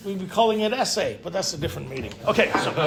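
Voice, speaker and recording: A little high, a little fast, and gravelly, this man's voice comes with a faint hiss or hum. Speaking to a recovery retreat group in their meeting room, he tells blunt stories laced with tough-guy jokes and keeps asking "right?"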